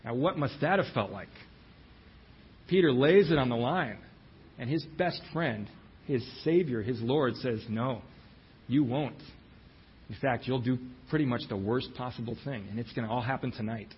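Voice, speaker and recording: Male preacher, mid-pitched, narrative sermon delivery, muffled lo-fi sound. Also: moderate pace, slight background noise. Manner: storytelling, voices the quoted lines with dramatic shifts.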